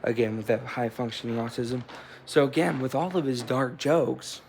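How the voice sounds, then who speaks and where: Casting twenties guy, mid-pitched, offhand vlog rambler who swears and restarts a lot, faint background noise. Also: fairly even intonation, moderate pace, gravelly, a little mellow. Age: 20s. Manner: loose storytelling with frequent swearing and restarts. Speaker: vlogger. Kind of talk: casual rambling chat. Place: indoors at home, with a cat.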